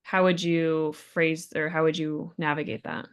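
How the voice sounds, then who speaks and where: Smooth-voiced woman student, quick questions, lots of fillers. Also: low-pitched, level tone. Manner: quick, thinking aloud with many fillers. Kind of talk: asking questions in a coaching session.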